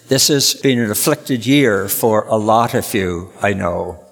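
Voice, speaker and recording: A man preaching an Easter sermon with a measured, storytelling delivery. He talks slowly at a medium pitch, and his voice trails off into the long reverb of a large church. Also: a bit bright. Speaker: Anglican priest. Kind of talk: Easter sermon with a told joke.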